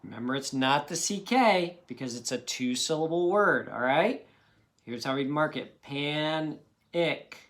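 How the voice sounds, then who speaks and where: A man's voice: mid-range voice, lively intonation, moderate pace, fairly bright tone. A man teaching a children's phonics lesson, patiently sounding out words syllable by syllable.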